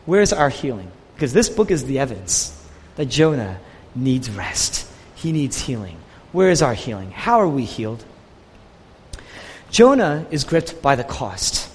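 A man preaching a sermon with an impassioned delivery that swings from quiet to raised, with a husky voice. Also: mid-range voice, big pitch swings, measured pace, in a large hall.

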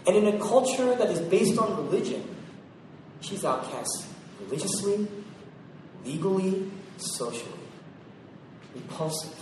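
Preacher man in a booming echoey hall. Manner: dramatic, swinging between loud emphasis and hushed quiet. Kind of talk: sermon. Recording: very echoey, distant mic, faint noise.

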